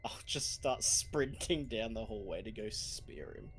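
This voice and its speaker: A man's voice: fairly low pitch, animated, unhurried, fairly bright tone, slightly rough, soft background music. An Australian man playing in a tabletop game, jokey and laughing as he declares his actions. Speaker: player. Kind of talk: casual play at a tabletop game.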